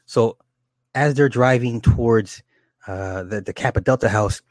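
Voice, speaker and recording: Casual male storyteller, mid-pitched, profane and animated, dry close sound. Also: a little slow, dry recording. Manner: animated and profane, with many restarts and acted quotes. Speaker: storyteller recounting a horror movie. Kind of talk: casual rambling plot retelling.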